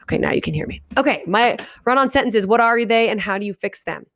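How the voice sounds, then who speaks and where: A woman teacher giving a video lesson to her students, talking animatedly and reading example sentences aloud with big exaggerated pauses. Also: mid-range voice, expressive, gravelly, fairly bright tone, no echo, studio quality. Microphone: webcam microphone.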